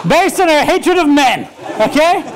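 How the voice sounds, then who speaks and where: Male keynote speaker with a high-pitched voice, brash comic storyteller on a live stage. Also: expressive, unhurried, a faint crowd. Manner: brash, joking, swears, acts out quoted people. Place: stage before a live audience.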